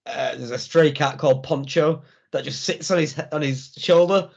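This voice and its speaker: A man's voice: fairly high pitch, normal speed, creaky, darkish tone. A man co-hosting a casual wrestling podcast, enthusiastic and rambling, with dry jokes. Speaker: podcast co-host. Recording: dull lo-fi sound.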